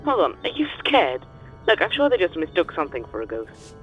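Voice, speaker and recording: Guy doing a bossy young diver girl from a game, bright lively voice, swears she's not scared, faint game music. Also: on the high side, a little fast, poor audio. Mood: teasing. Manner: defensive, teasing, bossy. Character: brash young woman diver, boastful, insists she is not scared. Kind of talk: reading game dialogue aloud in character.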